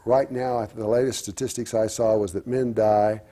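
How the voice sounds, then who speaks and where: A middle-aged man talking candidly as a guest, halting and reflective, with frequent restarts. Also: fairly low pitch, little pitch movement, mellow. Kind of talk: candid personal talk-show conversation.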